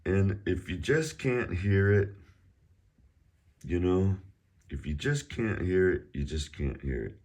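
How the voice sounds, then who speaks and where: This middle-aged man has a deep, slightly mellow voice and speaks slowly and expressively, with long pauses. He's teaching a casual online Chinese lesson from home, chatting and wandering into rambling asides. In pronunciation drills he sings out the tones in an exaggerated way.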